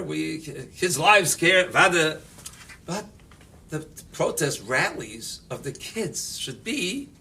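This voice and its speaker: A man giving an animated, emphatic Torah talk on the weekly portion as a rabbi, sprinkling in Yiddish and Hebrew terms. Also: on the high side, gravelly, far from the mic, slight background noise.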